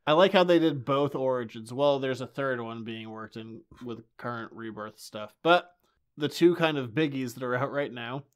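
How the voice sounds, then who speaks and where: This co-host of a comics podcast, a man in his late twenties, has a smooth mid-range voice at normal speed. The conversation is casual, and he's animated and jokey, laughing frequently.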